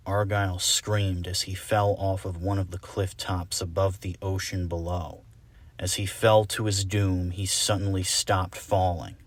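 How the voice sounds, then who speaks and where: Slow, low-voiced man reading a story. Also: level tone, no room sound. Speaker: audiobook reader. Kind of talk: storybook narration.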